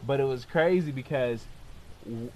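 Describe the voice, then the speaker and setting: A young man casually telling a long personal story, animated and often laughing as he goes. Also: mid-range voice, unhurried, slight background noise. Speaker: storyteller guest.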